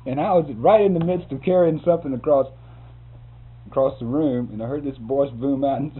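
Medium-pitched with a breathy edge, an older photographer speaks at a moderate pace while telling a rambling interview story. He's folksy and animated, chuckling along, and the tape is tinny, lo-fi and humming.

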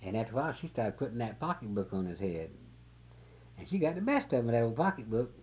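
An animated man spins a folksy yarn in casual conversation, his pitch leaping around as he acts out who said what. The recording is thin and tinny, like an old phone-line tape. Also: fast. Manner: folksy, animated, chuckling retelling. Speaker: storyteller in conversation. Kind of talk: casual storytelling chat.

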